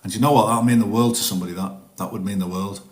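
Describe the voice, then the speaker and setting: A middle-aged man talks openly and rambles a little as he hosts a live stream, stopping to read out viewer messages. His voice sits on the lower side. The sound carries a noticeable room echo. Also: steady tone, rapid-fire. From northeast England. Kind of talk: casual live-stream chat.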